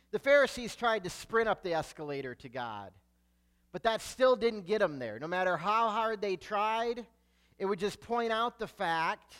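High-voiced man preaching a sermon. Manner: emphatic, rising loud on key words and dropping low at phrase ends. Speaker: pastor.

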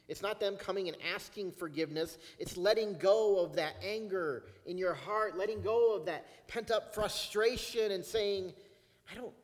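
High-voiced pastor preaching in a reverberant hall. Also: male voice. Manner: conversational preaching, slowing down to stress key phrases. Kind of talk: sermon. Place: church sanctuary. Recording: long reverb of a church hall.

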